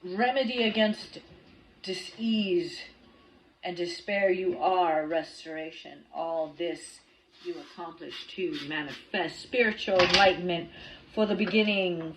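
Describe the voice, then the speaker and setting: A woman reading a tarot card aloud and guiding a ritual, slow and soft, with casual swearing between readings. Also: fairly low pitch, slight background noise, rough recording. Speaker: tarot reader.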